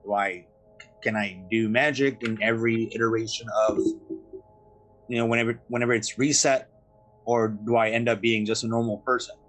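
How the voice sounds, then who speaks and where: Male player, mid-pitched, curious questioning; faint music bed. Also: steady tone, normal speed, a bit bright, rough recording. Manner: questioning, thinking aloud. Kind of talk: tabletop game chat.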